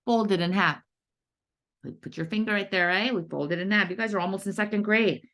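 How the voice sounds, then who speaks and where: A woman's voice: medium pitch, fairly quick, fairly bright tone. A woman teaching a first grade writing lesson, patient and sing-song, stretching out key words for young children.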